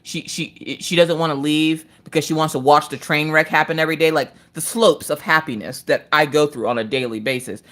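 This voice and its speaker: A woman's voice: sits low, steady tone, fairly quick, few pauses, a bit bright. A Southern woman in her late thirties chatting casually on a craft live stream, telling stories with swearing and a slight slur. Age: 30s.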